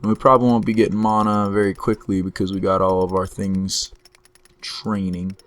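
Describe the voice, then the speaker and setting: A man commentating his own strategy game play in a relaxed way, talking through each move while he is losing his voice. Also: low-pitched. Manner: unhurried, talks through each move to himself. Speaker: gameplay commentator.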